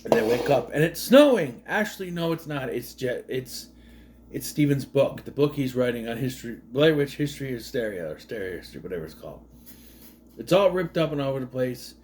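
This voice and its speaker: A man's voice: medium pitch, animated, fairly quick, darkish tone, slight background noise. A man casually recapping a movie, rambling with fillers and restarts and dropping sardonic, questioning asides. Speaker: movie commentary host.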